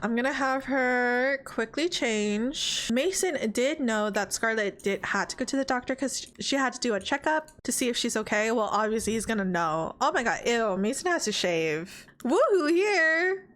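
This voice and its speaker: A young woman giving dramatic, animated commentary while playing a life sim game. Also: on the high side, normal speed, few pauses. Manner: dramatic, animated, exclaims often. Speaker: streamer. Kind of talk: let's play commentary.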